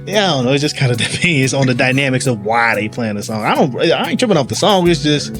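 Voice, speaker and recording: A man's voice: medium pitch, fast talker. A police sergeant with a St. tells stories in easygoing street slang. He slips in and out of the voices of the people he met, keeping it conversational. Faint music sits under his voice throughout. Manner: animated storyteller, acts out voices, slangy. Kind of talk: casual storytelling conversation. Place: live event venue.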